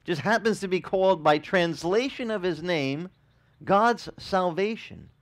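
Animated pastor preaching a casual sermon. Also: male voice, sits high, a little slow. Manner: animated, asks the congregation questions; repeats words as he restarts. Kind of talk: conversational sermon.

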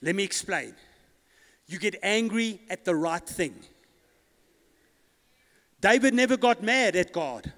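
A man with a high voice delivers a sermon, leading the congregation in responses and rising into bold declarations. His voice carries a long reverb through a church hall. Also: expressive, takes it slowly, pauses often. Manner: call-and-response preaching, rising to loud declarations. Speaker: pastor.

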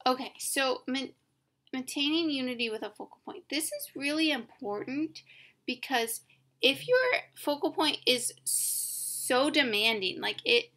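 A woman's voice: high voice, measured pace, pushed and bright. A woman giving a recorded art lesson, talking casually and correcting herself often with fillers. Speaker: art teacher.

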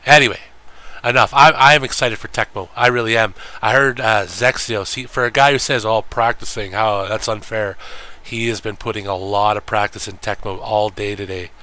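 A game streamer with a fairly low, sharp voice talks fairly quickly as he chats with viewers. He cusses freely, jokes, rambles, and mimics his friends when quoting them.

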